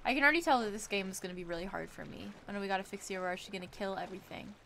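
A woman's voice: medium pitch, racing, gravelly, pushed and bright, slight background noise. A young woman streaming a game, chatting casually, reading chat aloud and poking fun at herself. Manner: chatty, self-deprecating, reads chat aloud.

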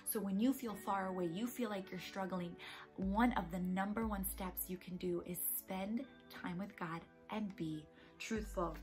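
Woman, devotional speaker, earnest and chatty, mid-pitched voice, soft music underneath. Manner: earnest, conversational, repeats key phrases for emphasis. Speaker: poet giving a devotional message. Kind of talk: casual devotional encouragement talk. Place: at home.

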